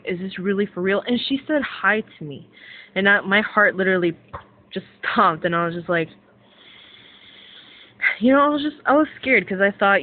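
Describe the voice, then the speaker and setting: A young woman ranting casually to camera as a vlogger, rambling with lots of fillers and swearing excitedly. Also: lowish voice. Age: young adult. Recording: tinny phone-like sound.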